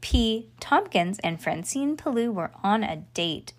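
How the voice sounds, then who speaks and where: A woman's voice: mid-range voice, lively intonation, unhurried. A woman hosting a children's podcast, reading a storybook aloud with playful character voices and chatty asides.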